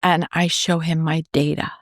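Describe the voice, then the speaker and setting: This woman's voice sits low and moves at a moderate pace, captured in studio quality with no echo. She's a cancer researcher from New York, USA, animatedly telling a story in a podcast interview and performing the voices of the people in it.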